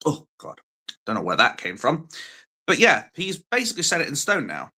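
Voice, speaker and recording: A man's voice: a little high, huge pitch swings, fairly quick, bright, forceful tone. A man talking casually on a live stream in a rambling, self-deprecating, wry way.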